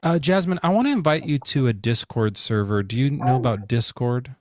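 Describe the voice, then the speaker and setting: A man hosting a casual live-streamed podcast chat, animated and talking to guests and chat. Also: medium pitch, brisk, no echo, studio quality. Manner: animated, acts out quoted voices. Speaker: podcast host.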